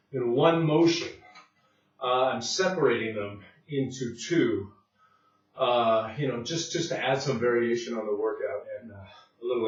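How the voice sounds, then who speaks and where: Man, home fitness instructor, winded mid-set, recorded on a distant camera mic in a boomy room. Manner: breathless, puffing between sets, many fillers. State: out of breath. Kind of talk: casual workout demonstration. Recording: very echoey room, distant mic, dull sound.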